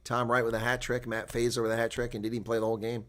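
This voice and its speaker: A man's voice: medium pitch, racing. Man calling a rugby match live. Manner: shouts excitedly on big plays, casual chat between; reads viewer chat aloud. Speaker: play-by-play commentator. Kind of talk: live sports commentary.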